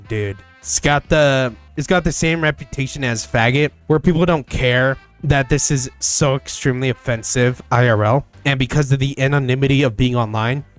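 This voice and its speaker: Casual, profane young male gaming host. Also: mid-range voice. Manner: casual and profane, with loud excited bursts. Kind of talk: casual solo commentary.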